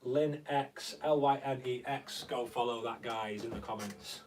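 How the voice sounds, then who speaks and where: A man's voice: medium pitch, moderate pace, a little mellow, a little hiss or hum. A young man hosts a casual live stream from a converted studio room, chatting and answering viewer comments as they come in. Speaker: host. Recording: slightly distant mic with faint guitar music.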